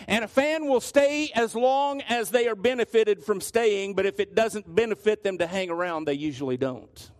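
A male pastor preaching a sermon, telling stories and often restarting his phrases. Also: high-pitched. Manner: storytelling with frequent restarts.

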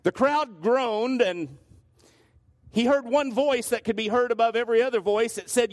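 A man's voice: extremely high pitch, normal speed. A male pastor preaching a sermon, telling stories and often restarting his phrases. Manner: storytelling with frequent restarts.

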